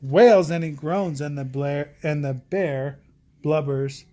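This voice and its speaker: A woman's voice: deep voice, slow pace, dark tone. A woman reading a rhyming picture book aloud in a rhythmic, sing-song way. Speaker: storybook reader.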